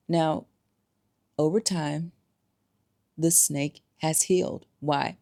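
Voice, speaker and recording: A woman's voice: on the low side, warm tone. A woman giving emphatic, conversational commentary to camera, full of rhetorical questions. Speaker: spiritual vlogger.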